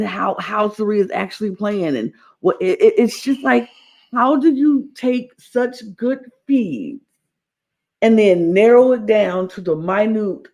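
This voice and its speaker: A man co-hosting a reality TV podcast, ranting emphatically and repeating himself in casual chat. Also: high voice. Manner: animated, emphatic ranting with repetitions. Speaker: podcast co-host.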